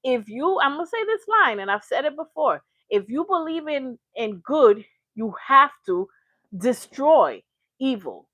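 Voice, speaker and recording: A woman hosting a live reaction stream, speaking with emphasis and shouting out her viewers by name. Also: sits high, big pitch swings, moderate pace, dry recording. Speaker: livestream host.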